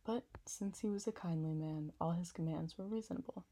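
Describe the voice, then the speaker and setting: A woman narrating a storybook chapter in a calm, measured reading. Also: lowish voice, creaky, breathy edge, low-quality recording. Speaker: audiobook narrator.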